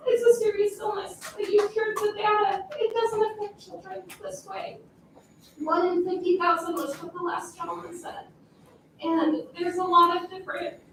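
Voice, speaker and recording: A woman with a very high voice speaks as a mother giving public comment at a board meeting. She is earnest and emotional. The voice reaches the microphone from a distance, and the large room sounds strongly echoey with faint background noise. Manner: emotional, earnest personal testimony. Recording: echoey room, voice heard from afar.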